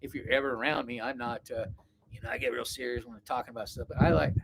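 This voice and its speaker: A man's voice: mid-range voice, steady tone, fast, creaky, heavy background noise. A man vlogging live to his viewers, talking in a meandering, reflective way while he packs for a trip. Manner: meandering, reflective, talks straight to chat. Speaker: travel vlogger on a live stream. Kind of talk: rambling casual live chat. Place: indoors, packing for a trip.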